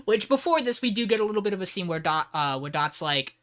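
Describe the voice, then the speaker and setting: A man co-hosting a podcast, excitedly recapping an anime episode and acting out quotes with laughs. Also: high voice, quick pace, few pauses. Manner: animated retelling with acted-out quotes and laughs. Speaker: podcast co-host. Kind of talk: casual anime recap chat.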